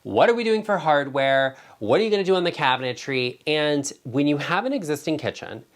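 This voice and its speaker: A man's voice: fairly high pitch, animated, a little fast. A man giving casual design advice to camera as an interior designer, chatty and emphatic with a sassy streak.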